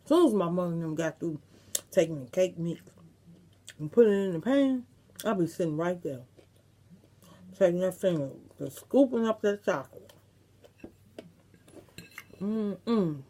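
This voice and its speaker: A woman's voice: on the low side, animated, normal speed, pauses often, warm tone. A middle-aged woman vlogger, chatting casually and reminiscing to her viewers, with some salty language. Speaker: mukbang vlogger.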